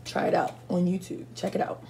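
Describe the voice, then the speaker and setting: A woman's voice: a little fast, heavy background noise. A woman in her twenties telling casual, profane stories while eating for a mukbang video, stopping now and then to react to spicy food. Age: 20s. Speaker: mukbang vlogger.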